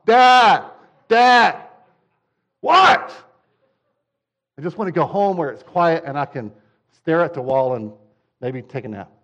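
A man's voice: medium pitch, lively intonation, fairly quick, darkish tone. Direct, conversational male pastor. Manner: direct, conversational, with emphatic repetition. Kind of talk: sermon.

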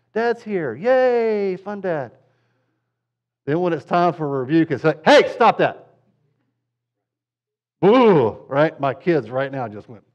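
A man's voice: mid-range voice, dull audio. A pastor teaching parents in a casual, conversational way, with joking asides, who keeps checking in with his listeners.

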